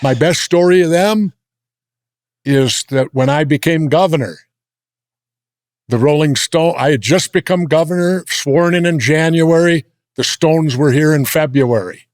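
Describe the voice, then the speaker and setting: A man's voice: a little high, unhurried, no room sound. Blunt older man telling stories, dry sound. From United States. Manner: gruff, blunt anecdotal storytelling. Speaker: interview guest. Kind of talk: storytelling in a sit-down interview. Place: indoor interview set.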